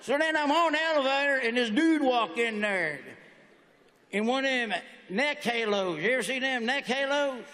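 An extremely high-pitched, sharp male voice runs at normal speed through a stand-up routine of folksy tales and brash one-liners. The large venue's hall gives the recording echo and faint ambience.

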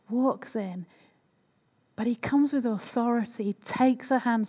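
A woman's voice: fairly high pitch, measured pace, dark tone. Woman preaching in a reverberant hall. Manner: conversational, asks the listeners questions. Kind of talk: sermon.

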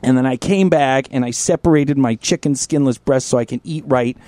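A man's voice: medium pitch, a little fast, no room sound. A man co-hosting a podcast, telling a story in casual chat, swearing freely and laughing as he goes. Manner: profane, animated, laughing as he tells stories. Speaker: podcast co-host. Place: indoor studio room.

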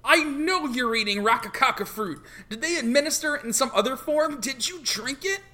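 A player voicing a young woman who is panicked and accusing, with a lively, bright voice. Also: sits high, normal speed. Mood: urgent. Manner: urgent, accusing. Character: young woman, frantic and suspicious.

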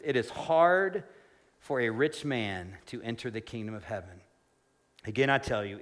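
Animated male pastor preaching a sermon. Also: a little high. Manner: animated, dramatizing quoted speakers. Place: church hall before a congregation.

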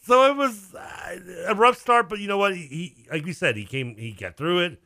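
Bright, excitable sports radio co-host. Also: male voice, high-pitched, moderate pace, no echo, clean studio sound. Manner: excitable, laughing, emphatic. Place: radio studio. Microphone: studio microphone.

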